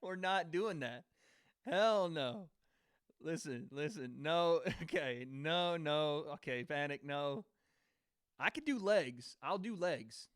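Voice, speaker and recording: A man's voice: a little high, animated, takes it slowly, fairly bright tone, clean tone, no room sound, studio quality. A young man hosting a casual livestream, laughing and bantering with chat before giving fight predictions. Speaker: livestream host.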